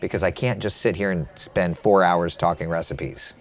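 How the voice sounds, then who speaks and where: A man hosting a live chat stream as a TV meteorologist, reading viewer comments and giving a relaxed weather and travel forecast, often repeating his phrases. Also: low voice, moderate pace.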